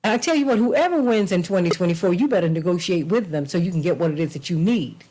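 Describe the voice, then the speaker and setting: A woman host delivers political commentary with fervor, her fairly low voice swinging widely in pitch. She talks like a preacher, calling on her listeners by name and driving her points home. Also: expressive, fast, dark tone, a little hiss or hum. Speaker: talk show host. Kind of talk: political talk show commentary.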